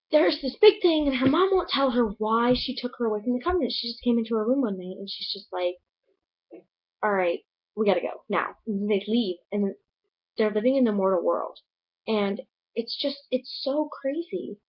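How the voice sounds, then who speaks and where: A woman's voice: on the high side, normal speed, husky, muffled recording. A woman reviewing a book in a casual vlog, rambling and chatty with lots of fillers.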